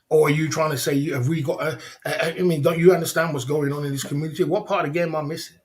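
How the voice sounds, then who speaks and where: This man hosts a livestream, his voice slightly high and quick, with hardly any pauses. His indignant rant is casual, full of slang and repetition, and broken up by frequent laughter.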